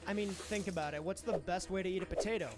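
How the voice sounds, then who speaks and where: A man narrates a cooking video in a chatty, self-deprecating tone. His voice is notably high for a man. Clear music plays under his voice. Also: quick pace.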